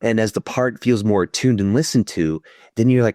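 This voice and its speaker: Deep-voiced man explaining therapy calmly. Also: fairly quick, no room sound, clean studio sound. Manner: thoughtful, explanatory, acts out inner voices. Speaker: psychotherapist guest. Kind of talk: conversational podcast interview.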